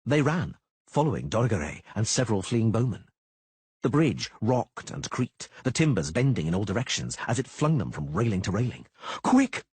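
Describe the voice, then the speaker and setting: A man narrates an audiobook with dramatic expression. His low voice is strongly husky and moves through a very wide pitch range. The sound is dry and close. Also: dry recording.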